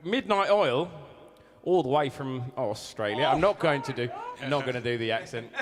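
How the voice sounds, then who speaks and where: A man's voice: medium pitch, moderate pace, big-room sound, a crowd in the background. A man in a band, joking and chatting as he introduces songs on a livestream. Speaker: band member presenting a livestream. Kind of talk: casual banter.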